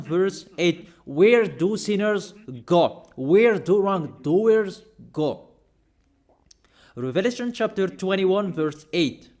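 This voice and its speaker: Insistent high-voiced male preacher. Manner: insistent, repetitive preaching, warning listeners. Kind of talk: sermon.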